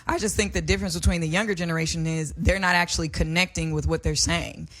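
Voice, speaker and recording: A woman's voice: fairly low pitch, steady tone, quick pace, a bit bright. A young woman guest on a casual panel chat, speaking bluntly and emphatically. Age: young adult.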